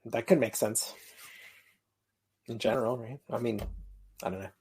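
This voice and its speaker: A man's voice: medium pitch, normal speed, darkish tone, husky. A man joining a casual live stream as co-host, chiming in with short jokes and agreement and laughing often. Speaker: co-host guest.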